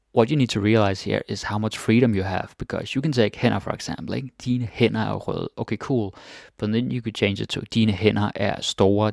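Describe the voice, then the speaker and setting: Guy teaching a chill language lesson, kinda low gravelly voice, repeats everything, says "right?" a lot. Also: no room sound, clean studio sound. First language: Danish. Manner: relaxed, repeats words, asks "right?" often.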